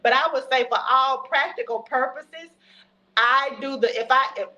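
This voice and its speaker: A high-pitched woman speaks with earnest encouragement, leaning gently into faith talk. Her sound is dull and lo-fi. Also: normal speed. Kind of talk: casual faith-tinged chat.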